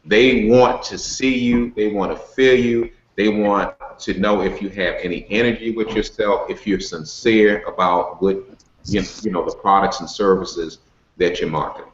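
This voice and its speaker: A man's voice: lowish voice, steady tone, normal speed, roomy sound, slight background noise. Brief: a man as an upbeat network-marketing coach, folksy and chatty, dull lo-fi call audio. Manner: folksy and upbeat, many "you know" and "okay" fillers. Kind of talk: casual motivational group call. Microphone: video call.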